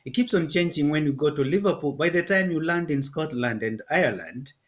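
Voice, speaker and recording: A man's voice: a little high, lively intonation, fairly quick. Enthusiastic male talk show host. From Africa. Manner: enthusiastic, repeats praise. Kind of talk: online talk show interview.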